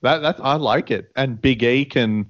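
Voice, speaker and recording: A man co-hosting a radio show, talking in a relaxed, casual way and laughing along. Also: mid-range voice, a little slow, muffled recording. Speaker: co-host. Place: radio studio.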